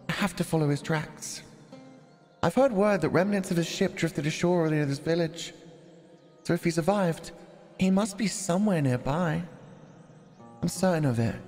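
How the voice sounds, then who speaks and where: A man's voice: a little high, a little mellow, big-room sound, voice pushed up, natural voice. A man voicing a determined young woman who searches for her lost lover, reading a visual novel aloud.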